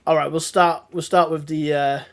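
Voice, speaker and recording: A hoarse man chats casually as a podcast guest, rambling and laughing as he goes. His voice sits a little high and has a gravelly edge. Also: flat delivery, normal speed. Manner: chatty, laughs often, restarts. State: hoarse from a throat infection. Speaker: guest streamer.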